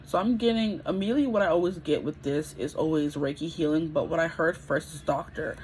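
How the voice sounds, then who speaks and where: This low, darkish-toned voice belongs to a woman in her twenties doing a casual pick-a-card tarot reading at a brisk pace. She's talkative and rambling, often checking in with listeners, and the low-quality recording has slight background noise.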